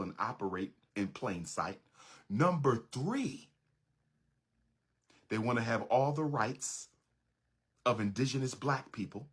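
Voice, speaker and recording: Husky, emphatic middle-aged man lecturing. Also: medium pitch. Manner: emphatic, repetitive preaching cadence. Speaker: public speaker. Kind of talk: impassioned lecture.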